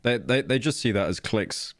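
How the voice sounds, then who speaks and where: A man's voice: medium pitch, expressive, moderate pace, no echo. Sarcastic streamer man, dry close mic. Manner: sarcastic, mocking asides with stammered restarts. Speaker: streamer reacting to videos. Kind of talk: casual livestream commentary.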